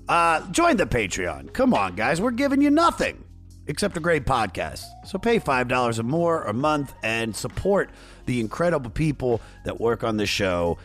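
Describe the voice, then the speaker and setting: Hoarse, profane podcast host. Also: male voice, mid-range voice, very animated, normal speed, a bit bright, faint music behind. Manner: loose, profane, rambling, self-promoting. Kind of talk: casual chat.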